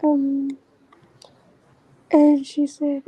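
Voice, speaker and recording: A woman vlogger talking in a casual, rambling monologue that often drifts into soft whispers. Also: sits high, slow, long pauses, rough recording.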